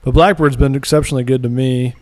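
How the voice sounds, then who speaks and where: A man's voice: mid-range voice, fairly even intonation, quick pace, darkish tone. A man co-hosting a casual podcast chat, teasing with dry humor. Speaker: podcast co-host, musician. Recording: long room reverb.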